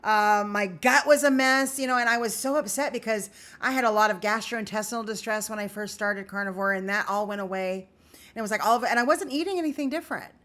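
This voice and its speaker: A woman's voice: medium pitch, fast talker, fairly bright tone. A woman vlogging candidly to her viewers in an earnest, confessional way on an emotional day. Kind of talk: candid personal vlog.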